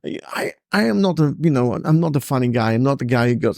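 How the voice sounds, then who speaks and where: Man with a stammer, gravelly voice. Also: medium pitch, darkish tone, dry recording, studio quality. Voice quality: speech impediment. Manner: halting, repeats words, stutters on starts; emphasizes certain words, projects voice. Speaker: podcast host. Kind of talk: personal monologue.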